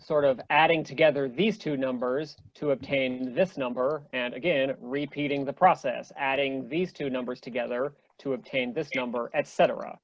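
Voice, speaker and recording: A man's voice: mid-range voice, steady tone, moderate pace, few pauses, dull audio. A man giving an online lecture to a group, eager and full of ums and restarts as he explains. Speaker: presenter.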